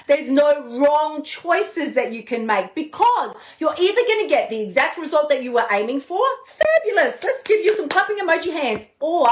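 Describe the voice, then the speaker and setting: Lively, echoey woman coaching live. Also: high voice. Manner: animated, playful, swears casually. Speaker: podcast host and diet coach. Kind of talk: live motivational talk.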